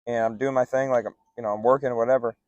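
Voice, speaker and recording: A man's voice: mid-range voice, fast, no room sound, lo-fi sound. Young man, casual podcast storyteller, dry close sound. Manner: animated, acts out other people's lines in raised voices; laid-back, says "like" and "dude" a lot. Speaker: podcast co-host.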